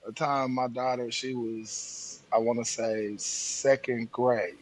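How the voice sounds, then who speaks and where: A man co-hosting a podcast, telling a parenting story in casual chat and acting out the quotes while he laughs. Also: medium pitch. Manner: animated, laughing storyteller who acts out quotes. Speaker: podcast co-host.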